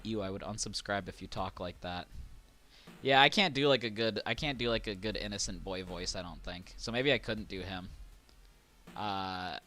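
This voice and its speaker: A man streaming a horror game, casually chatting, reading game text aloud and getting excitable. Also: fairly low pitch, normal speed. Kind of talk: casual let's-play commentary.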